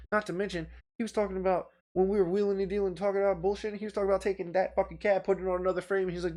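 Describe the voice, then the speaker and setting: A man's voice: high-pitched, rapid-fire, a little mellow. A man co-hosting a podcast, telling a story in a heated, profane rant and talking with his hands in a studio. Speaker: podcast co-host. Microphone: studio microphone.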